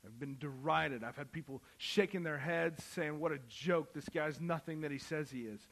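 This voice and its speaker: A man preaching a sermon, moving from quiet Bible reading to loud, impassioned calls. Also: fairly high pitch, normal speed, hardly any pauses. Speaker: pastor.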